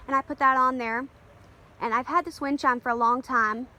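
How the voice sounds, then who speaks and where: A woman's voice: high-pitched, fairly even intonation, moderate pace, pushed and bright. A woman walking through her home garden outdoors, talking in a rambling, easygoing way with lots of fillers and small apologies while filming it herself. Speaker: garden vlogger. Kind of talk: casual garden tour. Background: faint outdoor ambience, passing planes.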